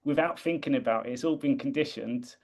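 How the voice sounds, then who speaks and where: A man's voice: medium pitch, a little fast. A man from the UK talking earnestly and reflectively in a casual conversation, often restarting his sentences. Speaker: guest.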